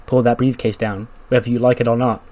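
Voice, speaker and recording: A man's voice: mid-range voice, little pitch movement, fairly quick, a little mellow, close to an everyday voice. A man voicing a determined young female wrestler, earnest and defiant.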